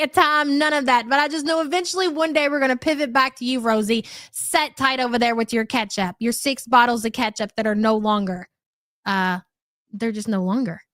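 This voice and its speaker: A woman's voice: fairly high pitch, a bit bright, no room sound, studio quality. A woman hosting a live commentary stream, chatty and sarcastic as she reacts to clips and thanks viewers. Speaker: livestream commentary host.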